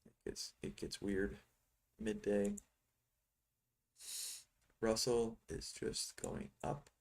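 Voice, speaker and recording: A man's voice: mid-range voice, very animated, extremely slow, creaky, a little mellow. A middle-aged man giving rambling, teasing live commentary on his trading screen, thinking aloud as he goes. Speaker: futures trading software seller.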